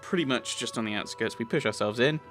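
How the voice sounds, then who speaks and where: A man's voice: mid-range voice, quick pace, fairly bright tone, soft background music. A man casually commentating his game playthrough, rambling with lots of restarts. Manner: rambling, chatty, many fillers and restarts. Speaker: let's play host.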